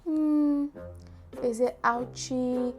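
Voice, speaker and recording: A woman hosting a preschool lesson as a doctor, speaking gently in a slow, exaggerated, sing-song way. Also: sits high, steady tone, faint music behind. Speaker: children's show host, doctor.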